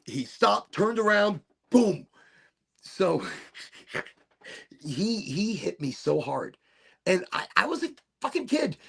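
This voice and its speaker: A man's voice: sits high, big pitch swings, takes it slowly, vocal fry, long pauses, fairly bright tone, slightly rough. A man hosting a casual podcast chat, telling rambling stories and swearing freely. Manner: rambling, swears a lot, repeats himself. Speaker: podcast host.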